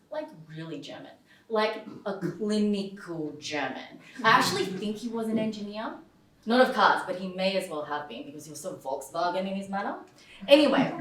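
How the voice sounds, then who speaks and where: A woman's voice: mid-range voice, a bit bright, lightly acted. A woman playing a frank, swearing young confessor on stage. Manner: frank, swearing, self-mocking humour. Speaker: actor in a verbatim stage play. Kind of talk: theatrical confessional monologue. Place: theatre stage. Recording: roomy stage sound from far off.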